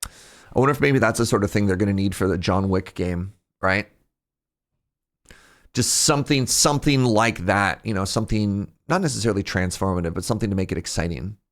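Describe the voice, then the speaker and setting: A young man chatting casually on a live stream, rambling and jumping in pitch when something excites him. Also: fairly quick. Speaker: streamer reacting to a game showcase.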